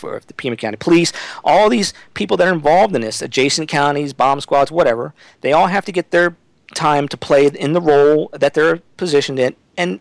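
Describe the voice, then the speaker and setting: A man's voice: on the high side, vocal fry, no room sound, rough recording. A man as a guest on a talk-radio interview, speaking emphatically and often restarting his sentences.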